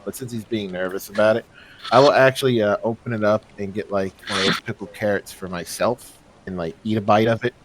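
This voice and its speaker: A man's voice: fairly low pitch, slight background noise, low-quality recording. A man playing a tabletop role-playing game, chatting with lots of fillers and narrating what his officer does. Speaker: player.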